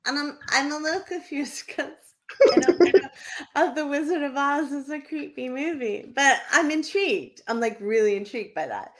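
A woman's voice: sits high, animated, moderate pace. A woman co-hosting a chatty podcast, laughing often as she reads out listener comments. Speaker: podcast co-host. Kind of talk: casual chat, reading listener comments.

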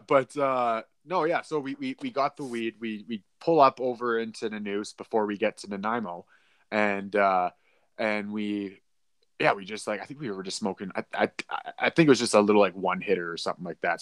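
A man's voice: fairly low pitch, fairly even intonation, a little fast, no room sound, studio quality. A young man co-hosting a podcast, telling a story in a rambling way with lots of fillers and laughs. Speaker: podcast co-host. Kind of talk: casual chat.

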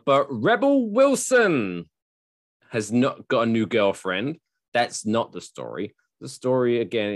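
Animated, jokey male podcast host. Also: lowish voice, no echo, studio quality. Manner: jokey, animated, swears freely. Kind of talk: casual podcast chat.

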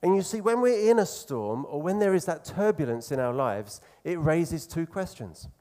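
A man preaching a sermon in an earnest, conversational way, slowing down to stress key phrases. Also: on the high side, sing-song, warm tone.

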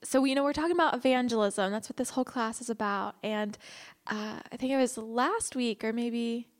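A woman with a high, light voice leads a church class. She tells stories in an animated way, laughing often, and moves into heartfelt spoken prayer. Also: brisk. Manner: animated storytelling with frequent laughter. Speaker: class leader.

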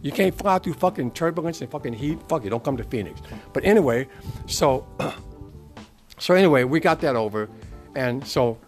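A man's voice: medium pitch, moderate pace, soft background music. A middle-aged man giving a casual, profane rant as a podcast host, swearing constantly and getting worked up. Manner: swears constantly, ranting and animated.

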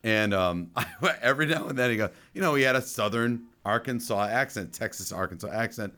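A man's voice: fairly low pitch, fairly quick, pushed and bright. A man hosting a casual movie podcast, telling a rambling story with jokey asides. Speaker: podcast host. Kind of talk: casual chat.

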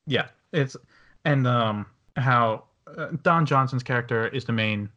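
A man's voice: mid-range voice, a little slow, pushed and bright, dull audio. A man hosting a casual movie review podcast, talking in a rambling way with many fillers and restarts. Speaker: podcast host.

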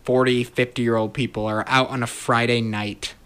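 A man's voice: mid-range voice, level tone, fairly bright tone, clean tone. Young man, incredulous radio co-host. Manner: incredulous, quick to react. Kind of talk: late-night radio chat.

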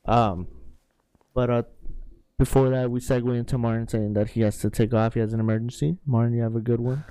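A man's voice: medium pitch, fairly even intonation, brisk, mellow, clear, resonant tone. A young man hosting a podcast, teasing his co-host in casual chat and running through the show rundown. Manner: teasing, then announcer-like when reading the show rundown.

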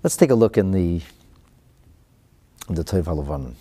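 Man, religious studies teacher, storytelling, low gravelly voice, lively, dark husky tone. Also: moderate pace. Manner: animated storyteller, acts out voices. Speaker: Torah teacher. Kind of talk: storytelling lecture on religious texts.

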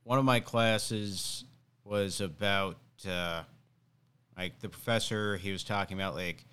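A man's voice: fairly low pitch, steady tone, measured pace, bright, forceful tone, clear, resonant tone. A young man hosting a podcast, chatting casually and rambling with many fillers. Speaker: podcast host. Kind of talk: casual chat.

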